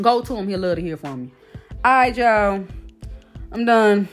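A woman's voice: mid-range voice, animated, moderate pace, long pauses, music in the background. A woman hosting a faith podcast, talking straight to her listeners in an emphatic, preaching manner. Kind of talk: casual faith talk, preaching.

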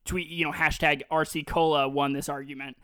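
A man's voice: on the high side, little pitch movement, a little fast, pushed and bright, clear, resonant tone, no room sound. Joking man in a dry, close recording. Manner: joking, playful banter. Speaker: podcast co-host. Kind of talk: casual chat.

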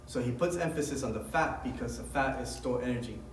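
Pastor preaching in an echoey room. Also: male voice, mid-range voice, a little fast, far from the mic, slight background noise. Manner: reads scripture then preaches with rising emphasis. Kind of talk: sermon.

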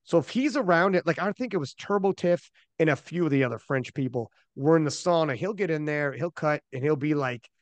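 A man hosting a podcast, telling stories in animated, profane casual chat on a close mic. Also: a little high, a little fast, hardly any pauses, no echo. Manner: animated storyteller, loose and profane. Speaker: podcast host.

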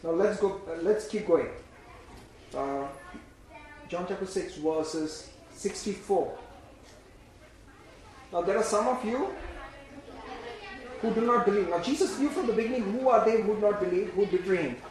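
A man's voice: sits high, normal speed, long pauses, some chatter behind. Emphatic preacher man in an echoey hall. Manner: emphatic, repetitive, swings from loud to hushed. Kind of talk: sermon with call-and-response. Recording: very echoey room.

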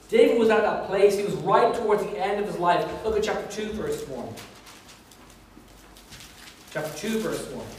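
A middle-aged man, preaching a sermon with animated, self-mocking storytelling. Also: sits high, slight background noise. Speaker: pastor. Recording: echoey hall, voice from a distance.

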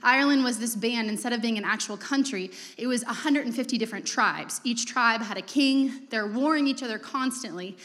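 A woman's voice: fairly high pitch, fairly quick, hardly any pauses, fairly bright tone, long reverb tail. A young woman giving a sermon in a casual, conversational way, with asides and fillers. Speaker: preacher.

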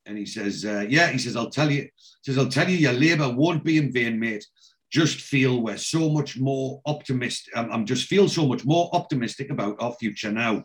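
A man in casual conversation, walking through a TV episode scene by scene. He quotes the characters as he goes and stumbles through fillers and restarts. He speaks at a middle pitch. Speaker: podcast co-host recapping a TV episode. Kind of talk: casual chat.

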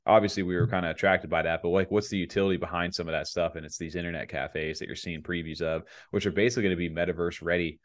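A man's voice: low-pitched, fairly even intonation, quick pace, few pauses. A man co-hosting a podcast in a casual, rambling way, with many fillers. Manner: rambling, laid-back, many fillers and laughs. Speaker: podcast co-host.

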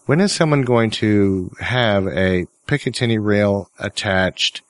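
A man hosting a podcast in casual, relaxed chat, joking easily with his co-hosts. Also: fairly low pitch, slow pace, no room sound. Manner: relaxed, easygoing, joking banter. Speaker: podcast host.

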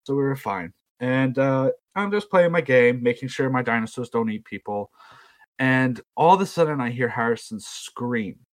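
Southern-accented young man, casual rambling storyteller, middle pitch. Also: normal speed. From South Carolina, US. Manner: rambling, self-deprecating, acts out quoted voices. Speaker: podcast storyteller.

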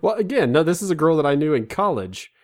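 A man in his thirties with a highish voice talks quickly as co-host of a comedy podcast. He pokes fun at himself in lively anecdotes, breaking into silly character voices as he banters.

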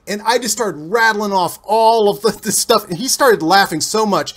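Male interview guest, from Cincinnati, chatty and digressive, slightly higher pitch. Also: a little slow, hardly any pauses. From Cincinnati, USA. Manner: rambling, animated anecdotes with self-corrections. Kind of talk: casual interview storytelling.

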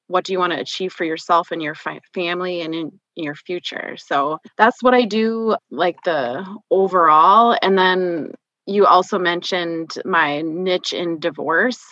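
A woman's voice: fairly low pitch, a little slow, sharp tone, no echo. A woman in her thirties with a Minnesota accent, chatting candidly as a podcast guest and often using "like" as a filler. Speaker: guest, financial planner. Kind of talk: casual podcast conversation. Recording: dull lo-fi remote audio.

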